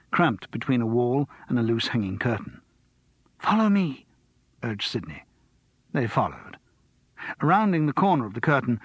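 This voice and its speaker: A man narrating an audiobook in an expressive, lively storytelling manner. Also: medium pitch, dry recording. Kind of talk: scripted narration.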